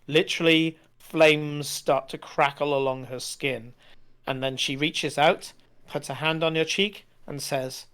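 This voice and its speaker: Game master narrator, male, a touch high; halting delivery full of fillers. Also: steady tone, a bit bright, smooth. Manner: halting, many fillers while describing.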